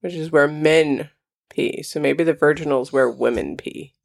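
A woman with a slightly low voice chats loosely during a word-guessing game. She thinks out loud, tosses out guesses and laughs at herself. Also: a little slow, vocal fry. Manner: chatty, laughing, thinks aloud while guessing. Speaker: quiz player. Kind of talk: casual chat.

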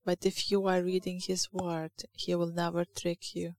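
A woman's voice: on the low side, completely flat delivery, moderate pace, a little mellow. A woman with a Lithuanian accent giving an informal sermon, hesitant and searching for words, reading scripture aloud. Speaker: church speaker.

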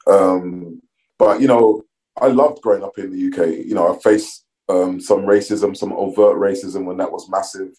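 Male guest, middle-aged, warm lowish voice, measured and reflective. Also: steady tone, low-quality recording. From London, England. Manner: measured, reflective storytelling with frequent ums. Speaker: podcast guest. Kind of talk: casual interview conversation.

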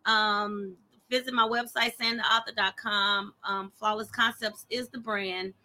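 A woman guest author chats casually on a podcast. Her voice is very sharp and bright, and her manner is steady and affirming. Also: mid-range voice, unhurried. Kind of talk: casual chat.

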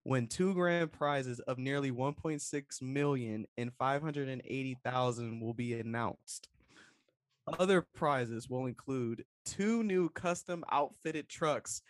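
A man's voice: fairly high pitch, dry recording. A man presenting a news item in casual podcast chat, reading it out in a joking, slangy tone.

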